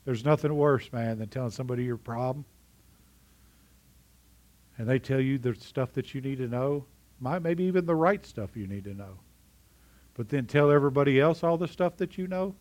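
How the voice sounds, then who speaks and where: A man's voice: mid-range voice, normal speed, pauses often, a little mellow. A middle-aged man preaching a sermon in a conversational way, often asking his congregation questions. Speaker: pastor.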